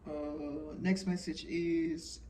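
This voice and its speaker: A man's voice: fairly high pitch, flat delivery, drawn-out words, a little mellow, distant mic, slight background noise. A man in his thirties giving a casual, rambling monologue full of fillers and blunt profanity. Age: 30s. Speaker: channeler sharing messages.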